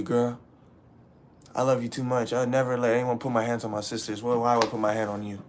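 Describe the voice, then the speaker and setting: A man's voice: mid-range voice, little pitch movement, fast talker. A young man livestreaming from indoors, venting raw and profane to his chat, upset and frustrated, repeating himself as he rants. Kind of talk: emotional livestream rant to chat.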